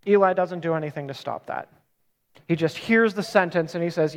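This pastor's high voice echoes through a big hall as he preaches briskly. His sermon is casual and conversational, a retelling punctuated by frequent self-corrections.

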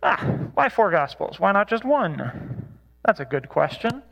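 A man's voice: high-pitched, very animated, measured pace, gravelly, fairly bright tone. A man leading a church Bible study, talking casually with many fillers and self-corrections. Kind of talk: casual teaching talk with anecdotes.

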